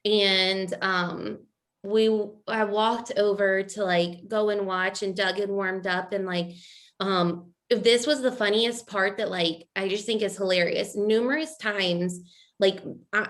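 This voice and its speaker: A woman's voice: medium pitch, a bit bright. Rambling woman telling a story. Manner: rambling, many fillers and "you know". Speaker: coach's wife. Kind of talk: casual storytelling.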